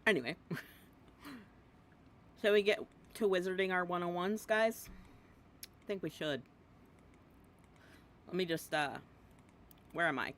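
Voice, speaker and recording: A woman's voice: on the low side, measured pace, pauses often. A woman streaming a video game in casual, rambling chatter, often giggly and jumping between topics, sometimes mumbling to herself while she eats. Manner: talks while eating, mumbling "yum" and "nom" to herself.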